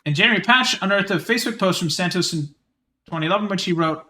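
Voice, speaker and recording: A man streams live, reading an article aloud quickly and breaking off for chatty asides, full of fillers and restarts. His voice is high-pitched with a sharp tone.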